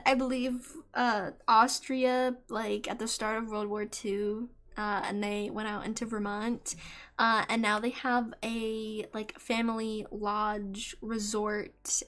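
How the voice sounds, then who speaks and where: A young woman streamer chatting casually, rambling and animated, often laughing as she tells a story. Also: a little high, takes it slowly. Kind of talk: casual chat.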